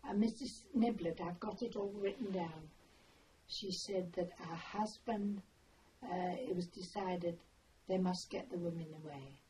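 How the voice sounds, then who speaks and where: An older woman telling her memories in an oral history interview, with an unhurried, meandering way of telling a story. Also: lowish voice, mellow. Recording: distant mic, faint background noise.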